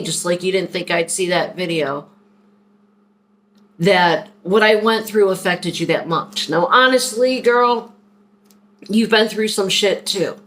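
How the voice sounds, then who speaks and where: Candid rambling woman vlogger. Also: lowish voice. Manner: rambling, heartfelt and open. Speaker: vlogger speaking to a viewer. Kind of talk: candid personal vlog talk.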